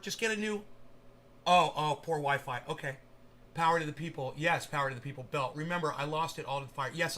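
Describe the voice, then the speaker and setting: A man's voice: sits high, bright, forceful tone. A man hosting a livestream, rambling casually and with profanity while addressing viewers in chat by name. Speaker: livestream host.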